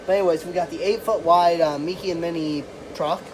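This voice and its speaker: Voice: mid-range voice, fairly quick. A hobby reviewer talking through an inflatable decoration in a casual, rambling and self-deprecating way, filmed beside a parked car. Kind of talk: casual spoken product review. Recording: steady loud background hum.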